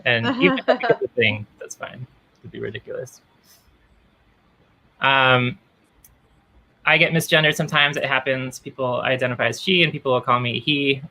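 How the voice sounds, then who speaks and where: A woman's voice: a bass voice, expressive, normal speed, long pauses, pushed and bright. A woman performing a stand-up set over a video call, dry and self-deprecating, acting out quoted lines. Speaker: stand-up comedian.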